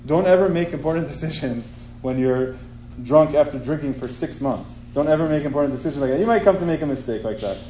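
Man teaching, high voice, sarcastic storytelling, echoey room, faint hum. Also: fast, mellow. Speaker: Torah class teacher. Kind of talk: informal scripture class.

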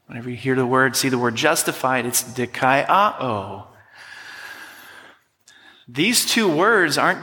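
A man with a medium-pitched, sharp voice preaches a sermon as pastor, emphatic and instructive, leading the congregation in repeating words. The church sanctuary gives the recording a long hall reverb.

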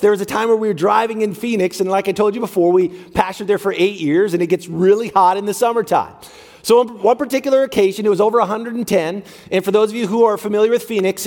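A pastor preaching a sermon, lively and talking straight to his congregation during a church service. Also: high voice. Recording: long reverb of a large hall.

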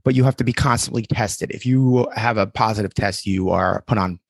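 A man's voice: fairly low pitch, brisk, no room sound, clean studio sound. A man in casual podcast chat, telling stories in a blunt, wry way.

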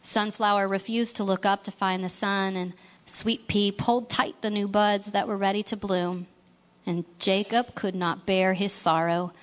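A woman narrating a storybook in a gentle, expressive reading voice, now and then asking the listener questions. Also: mid-range voice, normal speed.

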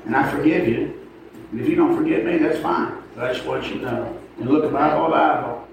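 High-voiced preacher in an echoey hall. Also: male voice, a little fast, creaky, crowd noise. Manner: folksy, emphatic, calls for amens. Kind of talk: sermon. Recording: echoey hall from far off, noisy.

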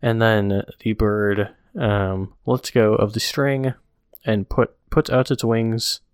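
A man co-hosting a podcast in casual chat, relaxed and chuckling, reading comics aloud. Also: on the low side, takes it slowly, clean tone, no echo, studio quality. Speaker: podcast co-host.

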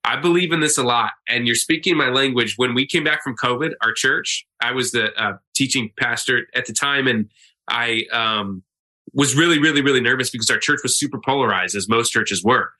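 Bright-voiced, earnest pastor man. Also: medium pitch, normal speed. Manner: earnest, talkative storyteller. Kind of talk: casual podcast conversation.

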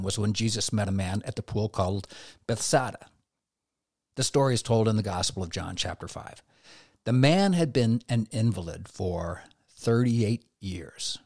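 A man preaching a devotional sermon who puts direct questions to the listener and swings between loud emphasis and soft, low asides. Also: dry recording, studio quality.

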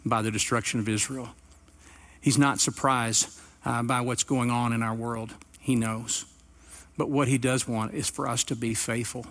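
A middle-aged man, preaching a sermon and telling a personal story before building to earnest emphasis. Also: medium pitch. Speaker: pastor.

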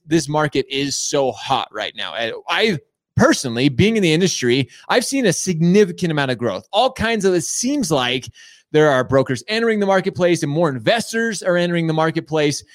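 A male host runs a live business show with hyped energy and lots of restarts. His fairly high voice swoops up and down, and the sound is close and dry. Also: very animated, a little fast, no room sound. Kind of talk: enthusiastic live show hosting.

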